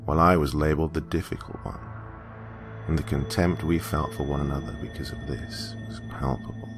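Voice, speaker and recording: Man, very deep and gravelly, coldly narrating a first-person horror tale, clear music underneath. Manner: cold, measured and bitter. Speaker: storyteller.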